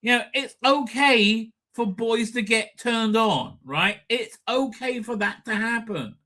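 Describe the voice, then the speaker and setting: A man's voice: extremely high pitch, slow, pushed and bright. A man hosting a live stream, ranting sarcastically and crudely at video clips and swearing freely.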